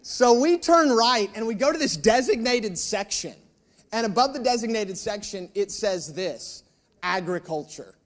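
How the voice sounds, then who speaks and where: A male pastor preaching, telling a personal story in an animated, self-mocking way with asides to the room. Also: sits high, unhurried.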